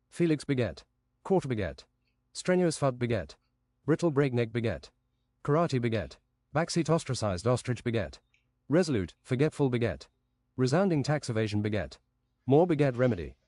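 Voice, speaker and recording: Deadpan man reciting nonsense lists. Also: mid-range voice, moderate pace, no room sound. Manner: deadpan, rhythmic listing of nonsense phrases. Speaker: streamer. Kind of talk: reading out an absurd list.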